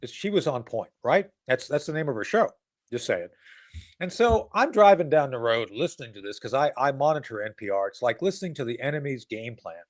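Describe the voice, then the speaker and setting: A man's voice: mid-range voice, very animated, brisk. A man hosting a casual political talk show. He rambles and mocks, with many restarts and asides.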